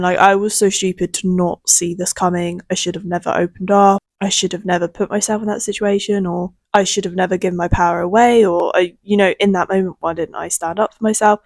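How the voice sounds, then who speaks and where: A young woman talking through her feelings in a rambling, soft-spoken monologue full of fillers and small laughs. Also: medium pitch, dry recording, clean studio sound. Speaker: vlogger. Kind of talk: reflective casual monologue.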